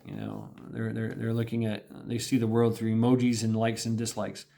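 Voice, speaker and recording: A man's voice: on the low side, completely flat delivery, moderate pace, gravelly, mellow. A middle-aged man talking through a casual monologue vlog, rambling and repeating himself, with small laughs. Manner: rambling, repetitive, with laughs and mimicked quotes. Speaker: vlogger.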